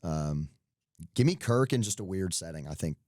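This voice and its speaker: A man's voice: sits low, animated, moderate pace, a little mellow, no echo, clean studio sound. A young man co-hosting a podcast, chatting casually about sports bets, joking and rambling and laughing at himself. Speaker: podcast co-host. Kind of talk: casual sports betting chat.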